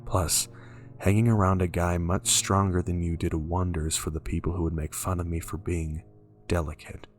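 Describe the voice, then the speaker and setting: A man narrating a scripted horror story in a calm, measured way. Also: sits low, soft background music.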